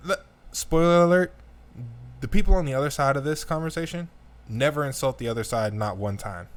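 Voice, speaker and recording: A man's voice: a little high, fast talker. A man giving casual reaction commentary on a video clip, ranting and speaking to his audience directly. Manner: animated, ranting, addresses the audience.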